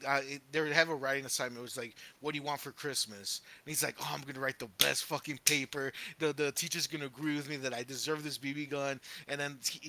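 A man co-hosting a casual podcast, telling a favorite film story in a rambling, excited way with lots of fillers and swearing. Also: a little high. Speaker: podcast co-host.

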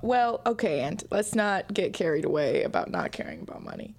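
A woman's voice: on the low side, huge pitch swings, brisk, vocal fry, husky. A woman playing a tabletop game, blunt and sarcastic in her remarks. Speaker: player. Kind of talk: casual tabletop role-play.

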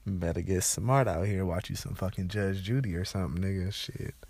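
A man's voice: deep voice, fairly quick, gravelly, breathy edge, dry recording. A young man with a congested, stuffed-up voice, telling loose, profane stories in a casual rant. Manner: loose, profane, animated storytelling.

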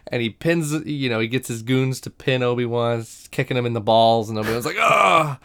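A man's voice: medium pitch, brisk, smooth. A man co-hosting a podcast, retelling TV episodes in casual chat, swearing often and acting out scenes as he goes. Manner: profane, animated retelling with impressions. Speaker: podcast co-host.

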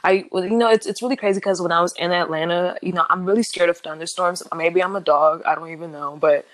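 Interviewed as a guest, this young woman speaks frankly but haltingly, restarting often and leaning on fillers, though she perks up when repeating what others said. She has a fairly low pitch, captured on a low-quality recording.

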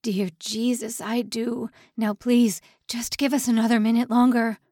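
A woman's voice: on the high side, lively intonation, slow, slightly rough, dry recording, studio quality, voice pushed up, exaggerated voice. A woman voicing a desperate young male prisoner in an audiobook, pleading and stammering.

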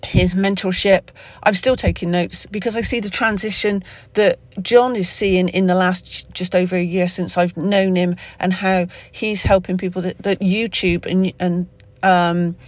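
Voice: mid-range voice, flat delivery, normal speed, no echo. A podcast host with a Somerset accent talking off the cuff in a solo episode, rambling with lots of fillers and restarts. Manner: rambling, with many fillers and self-corrections. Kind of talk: unscripted solo podcast monologue.

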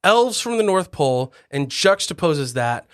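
A man hosting a casual podcast chat about movies, excitable and quick to laugh, swearing freely. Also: fairly high pitch. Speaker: podcast host.

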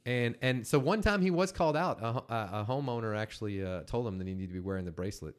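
A man in his forties hosting a podcast, telling a story with teasing, animated banter. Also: mid-range voice, quick pace, clean tone. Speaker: main host.

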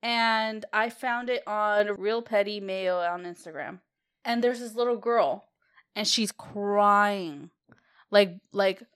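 A woman's voice: medium pitch, fairly bright tone, smooth. A woman co-hosting a podcast in casual chat, rambling and giggling, swearing freely. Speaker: podcast co-host.

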